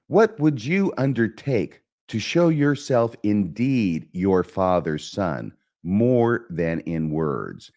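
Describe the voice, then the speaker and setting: A scheming, persuasive king, read out by a man in a low voice that rises and falls widely. The verse is read plainly and steadily, with little acting. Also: big pitch swings, slow pace, few pauses, darkish tone, exaggerated voice. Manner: reading verse lines aloud. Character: scheming middle-aged male king, persuasive.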